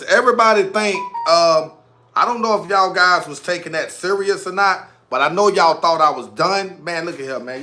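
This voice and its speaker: A man's voice: on the high side, bright, forceful tone, slight background noise. A young man hosting a live stream, talking in a slangy, repetitive style, calling out viewers and thanking them for gifts as he gives his take on the news. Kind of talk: casual live-stream commentary.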